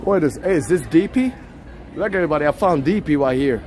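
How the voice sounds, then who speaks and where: A chatty, joking man from Puerto Rico vlogging as he walks a city street, his voice a little high. A handheld camera picks him up with faint traffic noise behind. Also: animated, fast, darkish tone. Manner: joking, chatty, laughs a lot. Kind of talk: casual walking vlog.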